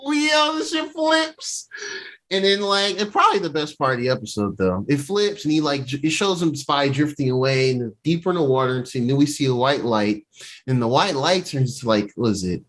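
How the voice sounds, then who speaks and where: A man in casual podcast chat, retelling a show scene by scene. His voice swings widely in pitch as he jumps into the characters' lines, and his tone stays loose and conversational. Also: fairly quick. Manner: animated storytelling, acting out characters' lines. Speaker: podcast co-host. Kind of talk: casual chat recapping a TV episode.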